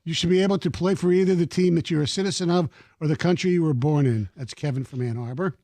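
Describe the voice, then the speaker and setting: A man's voice: a little high, fast talker, mellow, no echo, clean studio sound. A man hosting a casual sports radio talk show, laughing often and reading listener texts aloud in a self-deprecating way.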